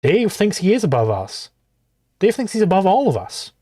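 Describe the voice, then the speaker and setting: A man's voice: high voice, wildly swooping pitch, normal speed, mellow, no echo, clean studio sound. A man hosting a livestream reaction, ranting in a heated, profane and rhetorical way. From outside the US. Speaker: livestream host reacting to a clip.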